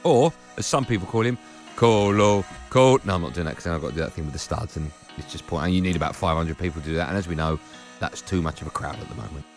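A man presenting radio show highlights, linking clips with dry, teasing humour. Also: very fast, faint music behind. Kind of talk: scripted links with joking asides.

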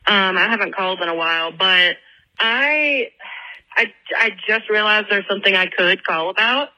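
A woman from Louisiana calling in with a hesitant, halting voicemail message. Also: mid-range voice, expressive, sharp tone, rough recording. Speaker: podcast caller.

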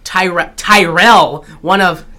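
A woman talks through a film on her podcast in loose, rambling chat. Her voice sits a little low but sounds bright and forward. She restarts sentences often and laughs along the way. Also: slow. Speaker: podcast co-host. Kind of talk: casual chat recapping a film.

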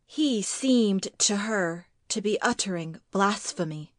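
Slow, measured woman narrating a story. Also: medium pitch, expressive, no room sound, clean studio sound. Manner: measured, deliberate and atmospheric. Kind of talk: scripted narration of a literary ghost story.

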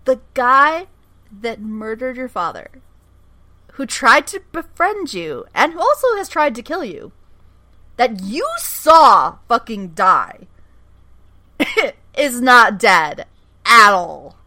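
A woman co-hosting a casual podcast, retelling a TV episode with giggles, swearing and acted-out lines. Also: fairly high pitch. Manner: giggly, animated, acts out characters' lines, swears freely. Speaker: podcast co-host. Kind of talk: casual chat recapping a TV episode.

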